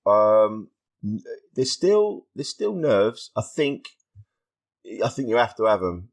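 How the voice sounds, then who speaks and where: A man, a stand-up comedian guest on a podcast, telling stories in a lively way and acting out the voices of people he quotes. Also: fairly low pitch, slow. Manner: animated storytelling, acts out quoted voices. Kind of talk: casual podcast interview.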